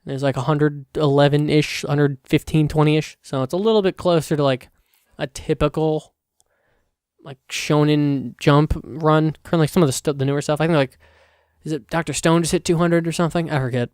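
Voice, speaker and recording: A young man chatting alone into his podcast mic, rambling and loose, full of fillers and restarts, with a casual curse here and there. His voice sits a little high and comes across smooth and clean. The sound is dry and close, with no room echo. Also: steady tone, normal speed, a little mellow. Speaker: podcast host. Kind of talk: casual solo podcast chat.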